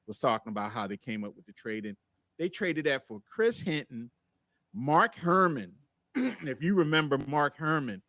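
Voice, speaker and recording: A man's voice: mid-range voice, no echo. A man, hosting a casual sports podcast and trading teasing banter. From Baltimore. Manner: animated, laughing, teasing banter.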